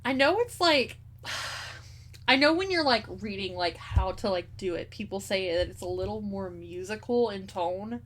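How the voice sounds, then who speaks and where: Young woman streamer rambling and giggling, kinda slow. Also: mid-range voice, animated, fairly bright tone. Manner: giggly, rambling, lots of fillers. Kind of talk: casual gameplay commentary.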